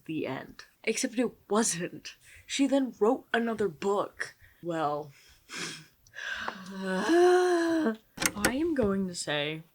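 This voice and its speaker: A young woman vlogging at home late at night, ranting in exasperation about a book, laughing often and sometimes dropping to a whisper. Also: mid-range voice. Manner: drops into whispers. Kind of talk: casual reading vlog to camera.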